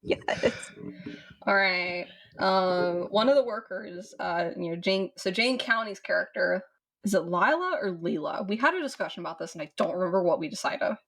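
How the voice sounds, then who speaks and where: A woman co-hosting a podcast, her voice low with a lot of vocal fry. She chats casually and rambles, with plenty of fillers and restarts. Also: normal speed, a bit bright. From southern United States. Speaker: podcast co-host. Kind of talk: casual chat about a film.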